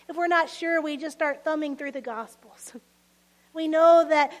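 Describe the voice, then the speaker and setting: A woman preaching a sermon, telling stories in a lively way, laughing often and acting out the voices she quotes. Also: very high-pitched.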